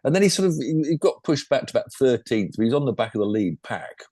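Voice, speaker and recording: A man's voice: mid-range voice, very animated, fast, dark tone, no room sound. An older man with a chatty, rambling manner, talking casually about motorsport as a podcast co-host. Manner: chatty, rambling, full of asides. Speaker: podcast co-host and former racing driver.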